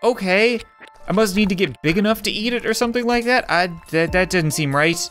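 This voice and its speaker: An excitable young man with a high-pitched voice narrates his own gameplay, cheering and groaning at the screen. He chats to himself and reads the on-screen text aloud. Faint music plays behind him. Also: brisk. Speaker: gaming channel host. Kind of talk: let's play commentary.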